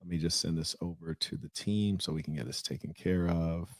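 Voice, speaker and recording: A middle-aged man hosting a relationship advice livestream, talking candidly and telling stories with loud, animated outbursts. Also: low-pitched, brisk, dry recording, studio quality. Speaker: host of a relationship advice show. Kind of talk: casual livestream talk reading viewer messages.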